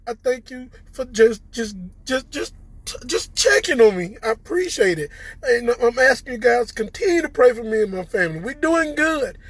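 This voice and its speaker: A man with a Southern American accent giving an emotional personal testimony to viewers, tearful and halting, stammering and repeating words as his voice breaks. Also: extremely high pitch, dry recording. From Southern United States. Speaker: recovered patient addressing viewers.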